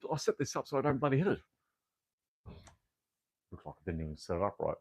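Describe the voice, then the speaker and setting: A man's voice: medium pitch, sing-song, fast, pauses often, a little mellow, slightly rough, dry recording. An Australian man chatting casually on a home workout livestream, rambling with lots of fillers and mild swearing. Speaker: fitness livestreamer. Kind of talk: casual live-stream chat while exercising. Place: at home, indoors. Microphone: clip-on mic that falls off at times.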